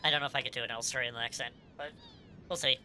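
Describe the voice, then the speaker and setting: A woman's voice: very deep voice, steady tone, quick pace, pushed and bright, a little hiss or hum. A woman streaming herself playing a game, chatting and reacting aloud in a casual way, sometimes humming.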